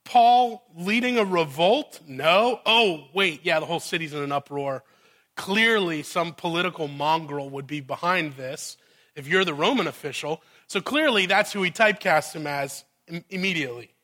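A male pastor with a sharp, somewhat high voice at a moderate pace gives a conversational sermon. He often asks his audience "right?" and dramatizes the scene he describes.

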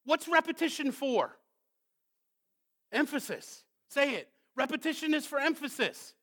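High-voiced, bright preacher man. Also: animated. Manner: swings from hushed, intimate questions to loud emphatic exhortation; slows down to read scripture with weight. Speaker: pastor. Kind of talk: sermon.

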